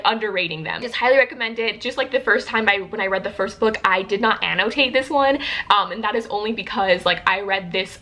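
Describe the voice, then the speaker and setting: A woman's voice: fairly high pitch, fairly bright tone. A young woman vlogging casually at her table, bubbly and chatty, laughing often and filling with "like" and "um". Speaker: book vlogger. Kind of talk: casual morning vlog. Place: indoors at a table by a window.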